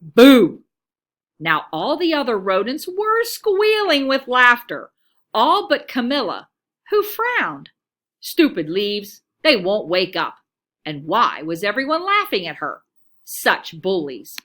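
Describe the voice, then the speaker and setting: Une enseignante qui lit une histoire avec entrain. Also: female voice, fairly high pitch, slow. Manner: expressive storytelling, lively. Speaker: teacher. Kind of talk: reading a picture book aloud to children.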